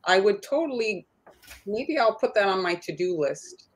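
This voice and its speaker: A woman's voice: medium pitch, expressive, normal speed. A woman co-hosting a livestream, reading out viewer comments in a casual chat.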